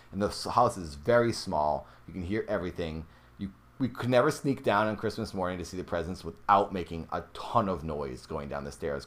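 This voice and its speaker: Young man telling a ghost story. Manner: animated, jumps to high excited pitch when tense. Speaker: podcast host. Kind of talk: casual storytelling.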